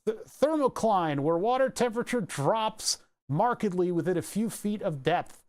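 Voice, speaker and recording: A man with a slightly higher voice, chatting casually on a live stream. He reads short excerpts aloud and muses over them as he goes, dropping in the odd casual swear. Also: big pitch swings, normal speed, darkish tone. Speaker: livestreamer. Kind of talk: casual livestream chat, reading aloud.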